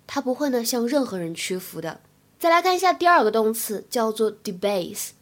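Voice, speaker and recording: Young female English teacher, patient, explanatory, fairly high voice, slow drills. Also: sing-song. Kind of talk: spoken English lesson.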